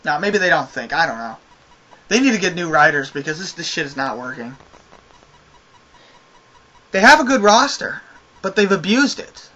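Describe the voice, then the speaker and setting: A man's voice: high voice, big pitch swings, moderate pace, long pauses, fairly bright tone, dull audio. A man giving a casual spoken review of a wrestling show, ranting with exasperation and a lot of swearing.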